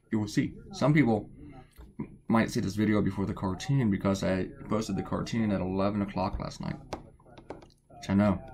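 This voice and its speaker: Man, slightly low voice, meandering self-deprecating chatter while drawing at home, kept quiet. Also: vocal fry. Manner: quiet to avoid waking people. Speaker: cartoonist narrating his drawing. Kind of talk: casual rambling commentary while drawing. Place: at home, drawing early in the morning.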